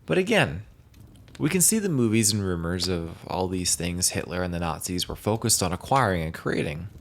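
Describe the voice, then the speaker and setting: A man's voice: sits low, big pitch swings, moderate pace, gravelly. A man hosting a solo podcast, talking casually in a rambling way with frequent restarts. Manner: rambling, with restarts and hedging words. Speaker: podcast host.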